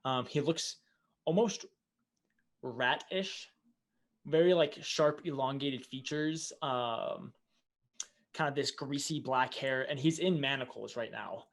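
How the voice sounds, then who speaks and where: A man's voice: mid-range voice, takes it slowly, long pauses. A man narrating a tabletop game as game master, describing scenes casually with many fillers.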